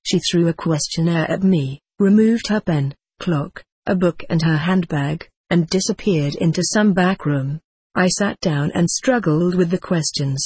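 Husky low-voiced woman narrating. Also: a little slow, darkish tone, no echo. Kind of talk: audiobook narration.

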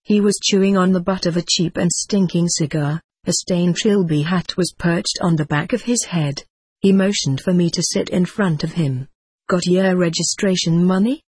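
A woman narrating a first-person story in a measured, even way. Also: fairly low pitch, breathy edge, dry recording. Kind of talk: audiobook narration.

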